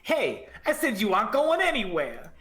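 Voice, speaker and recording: A man's voice: very high-pitched, a little slow, pitched above the performer's own voice, heavily acted. A man voicing a bossy male henchman who barks his orders. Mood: angry. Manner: barking, shouted. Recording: roomy echo.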